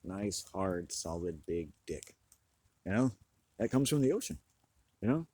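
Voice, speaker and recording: A man with a low, husky voice rambles through a comic monologue. He mocks himself and keeps laughing at his own jokes. The sound is dry and close, with no room around it. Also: lively intonation, unhurried, dark tone, no echo. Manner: rambling, self-mocking, laughs often.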